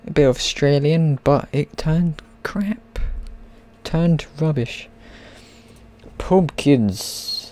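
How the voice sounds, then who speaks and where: A man's voice: on the high side, drawn-out words, darkish tone. A man giving playful, rambling commentary as he plays a game, chatting to the characters on screen. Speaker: gaming channel host. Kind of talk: gameplay commentary.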